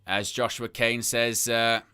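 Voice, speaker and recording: A man's voice: medium pitch, flat delivery, slow pace, sharp tone, clear, resonant tone. A man hosting a live wrestling watch-along stream, talking casually and passionately, repeating phrases for emphasis and reading out viewer comments. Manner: reads out and answers viewer chat comments.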